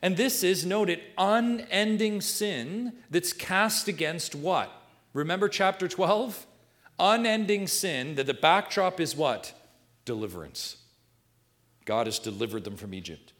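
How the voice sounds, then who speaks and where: A man with a somewhat high-pitched voice preaches a sermon to his congregation. He reads scripture aloud and moves between quiet, intimate asides and emphatic, repeated declarations, pressing each point home. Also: expressive, a little slow. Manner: preaching with wide swings from hushed to emphatic. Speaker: pastor.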